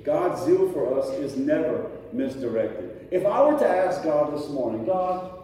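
A man's voice: a little high, very animated, unhurried, warm tone, recorded from a distance, a little hiss or hum. A man preaching a sermon to his congregation in a casual, conversational way, often checking in with rhetorical questions. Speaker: pastor. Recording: echoey hall picked up from afar, faint ambience.

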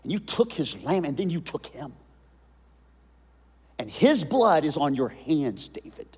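A man preaching a sermon, retelling a story dramatically and swinging between hushed and loud delivery. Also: fairly high pitch, big pitch swings, measured pace, breathy edge, in a large hall.

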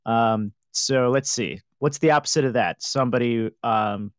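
Male co-host, mid-pitched, halting delivery, dry close mic. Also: dry recording. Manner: hesitant, many ums and likes, laughs easily. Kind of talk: casual chat.

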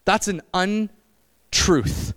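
A middle-aged man preaching at a camp meeting, animated, shifting between loud exclamations and low, intense stretches. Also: very slow. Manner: acts out quoted voices. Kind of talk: sermon.

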